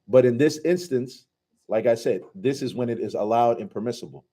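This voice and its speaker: A man's voice: mid-range voice, brisk, warm tone, breathy edge. A man teaching a conversational scripture commentary class, casually asking his students questions and reciting Arabic passages.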